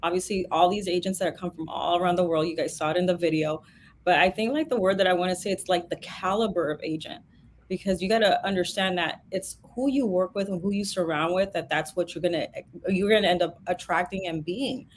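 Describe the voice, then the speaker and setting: A woman's voice: on the low side, brisk, slight background noise. A woman co-hosting a casual business chat, urging listeners to attend. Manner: encouraging, persuasive. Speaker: co-host of a real estate broker talk.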